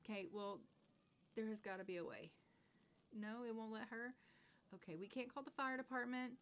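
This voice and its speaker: A woman hosting a gaming channel, narrating a life-sim game in a chatty, excitable way and laughing often. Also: on the high side, normal speed. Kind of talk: let's play narration.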